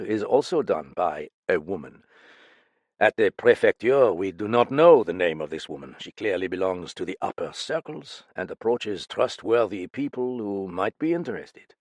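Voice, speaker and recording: Man voicing a sharp, probing police official. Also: fairly low pitch, no echo. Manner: measured, pressing questions.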